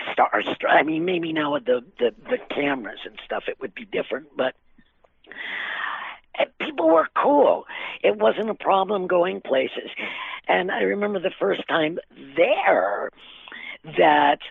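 An older woman telling lively stories as an interview guest, laughing often and using many fillers. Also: fairly low pitch, creaky, breathy edge, dry recording. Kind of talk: casual storytelling. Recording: dry tinny phone line.

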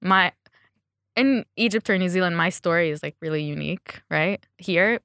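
A woman's voice: on the low side, normal speed, a bit bright, smooth, dry recording, studio quality. A woman fashion designer chatting in an interview, laughing often and acting out what people said to her. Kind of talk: casual interview chat. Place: Dubai.

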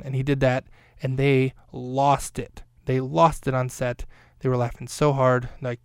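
A man talking alone on his podcast, recapping an episode in a loose, wandering way and cracking jokes at his own expense. His voice is smooth and clean, sits at an ordinary middle pitch and is recorded close and dry, with no room sound. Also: fairly even intonation, fast talker, no echo. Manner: rambling, self-deprecating, jokey asides. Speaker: podcast host. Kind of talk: casual solo episode recap.

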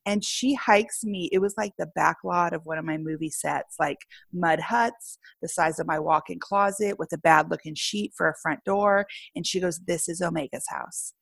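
Gravelly-voiced woman telling a lively story. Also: lowish voice, normal speed, hardly any pauses, no echo. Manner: animated, laughs often, acts out quoted voices. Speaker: guest. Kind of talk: storytelling in a casual interview.

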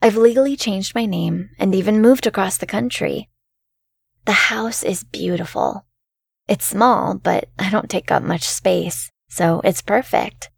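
A woman reading a first-person horror story in a calm, measured way as the show's narrator. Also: mid-range voice, creaky, no echo, clean studio sound.

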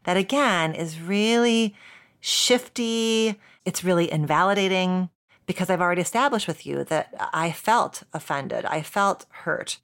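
Woman therapist talking thru a podcast lesson, kinda low voice, reflective, little laughs here and there. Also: a little slow, smooth. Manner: warm, reflective, with soft laughs and spoken examples. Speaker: couples therapist and podcast host. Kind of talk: podcast teaching talk.

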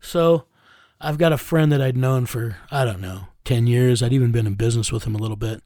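A man's voice: mid-range voice, fairly quick, warm tone, no echo, clean studio sound. Blunt, profane man telling a story. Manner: blunt and profane, many fillers. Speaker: child recovery investigator. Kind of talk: storytelling in an interview.

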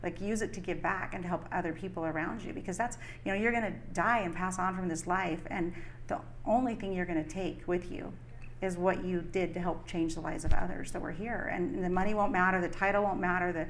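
A middle-aged woman talking as an interview guest, earnest and reflective, in a lowish voice. She speaks in a motivational tone, and faint ambient noise hangs behind her. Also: fairly even intonation, fairly quick.

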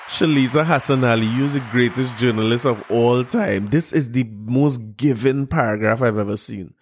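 A man's voice: medium pitch, moderate pace. A man, mocking a news article he reads aloud, incredulous and laughing at it. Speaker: commentator reacting to a news article. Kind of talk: mocking commentary on a news story.

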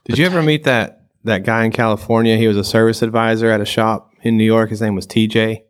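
Low-ish voiced guy on a podcast, easygoing story telling. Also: steady tone, fast talker. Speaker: podcast co-host. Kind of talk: casual podcast chat.

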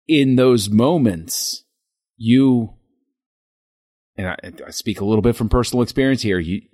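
A man co-hosting a podcast, talking through a film scene in a reflective, halting way with frequent restarts. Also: on the low side, a little mellow, no room sound, clean studio sound. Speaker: podcast co-host. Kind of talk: casual film discussion.

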